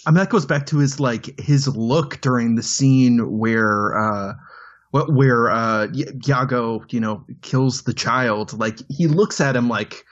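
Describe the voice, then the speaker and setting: A man co-hosting a film podcast, talking casually with many halting restarts. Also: medium pitch. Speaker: podcast host. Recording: dull lo-fi sound.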